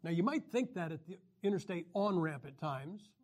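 Man, high voice, wry Bible teacher; lectures with jokes, clears throat a lot. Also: expressive, normal speed. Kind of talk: joking classroom lecture.

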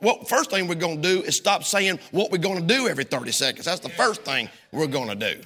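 A male pastor preaching a sermon, swinging his voice widely and breaking into sudden shouts. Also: high voice, lively intonation, fast, few pauses, husky. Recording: long hall reverb.

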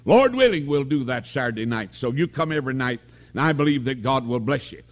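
A man's voice: mid-range voice, animated, fairly quick, lo-fi sound. An older man preaching a revival sermon in a tabernacle, folksy and storytelling, calling for amens.

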